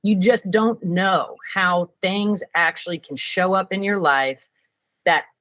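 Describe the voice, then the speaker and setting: A woman tells stories from her working life as a podcast guest. She talks in an animated, chatty way, full of "you know" and quick restarts. Her voice sits fairly low and sounds close and dry. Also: dry recording, poor audio. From Georgia, US. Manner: lively, animated, many fillers. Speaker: guest, production director. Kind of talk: casual interview storytelling.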